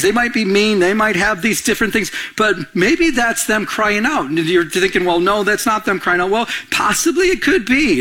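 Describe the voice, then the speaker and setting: A middle-aged man preaching a sermon as a pastor, animated and conversational, often asking the congregation questions. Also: high-pitched.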